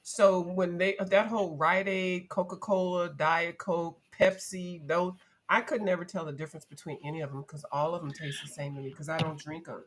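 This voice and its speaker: A woman co-hosting a livestream in casual chat, animated, breaking into high put-on voices when she retells old ads. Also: moderate pace, a little hiss or hum. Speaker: livestream co-host.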